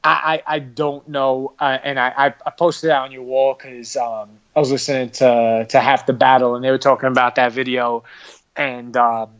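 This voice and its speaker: A man chatting casually on a podcast, halting and repeating his words as he talks. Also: mid-range voice, little pitch movement, dull audio.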